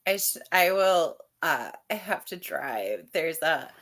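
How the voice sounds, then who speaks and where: A woman talks slowly in a casual chat, her pitch rising and falling in a lively way. She reacts readily with gasps and laughter. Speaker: podcast co-host.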